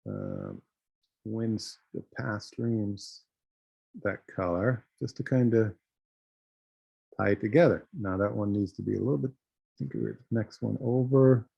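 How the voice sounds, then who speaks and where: A man teaching a graphic design class, walking through software steps with a relaxed, thinking-aloud manner and many fillers. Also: on the low side, unhurried, creaky, pauses often, breathy edge, no echo, highs cut off. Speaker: design instructor. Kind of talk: screen-share software tutorial.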